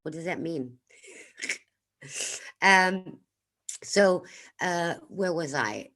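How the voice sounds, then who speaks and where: This livestream host is a woman from the Netherlands with a Dutch accent and a lowish, fairly bright voice. Her relaxed stream moves at an unhurried, thoughtful pace, with pauses to welcome and thank chat viewers.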